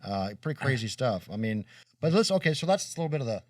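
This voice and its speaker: A man's voice: mid-range voice, sing-song, fast, no echo. A middle-aged man from Kentucky co-hosting a casual chat, rambling and earnest with many restarts. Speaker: co-host. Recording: dry room, distant mic.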